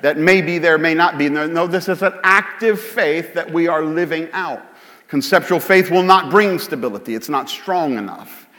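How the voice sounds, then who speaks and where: His voice a little high and fairly bright, the pastor preaches in a relaxed, conversational way, cracking self-deprecating jokes. The sound carries a long hall reverb from the church sanctuary.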